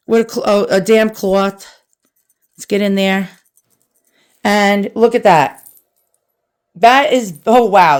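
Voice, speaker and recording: An antiques restoration vlogger with a New York accent chats casually to viewers as she cleans an antique at home, talkative and self-deprecating. Her mid-range voice is a little mellow.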